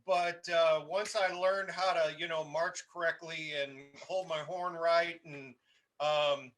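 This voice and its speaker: Bright-voiced animated male storyteller. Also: on the high side, slow pace. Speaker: host. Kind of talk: casual storytelling chat.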